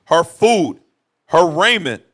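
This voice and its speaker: A man reading scripture verses aloud in a measured, formal way. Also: on the high side, big pitch swings, fairly bright tone. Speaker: scripture reader.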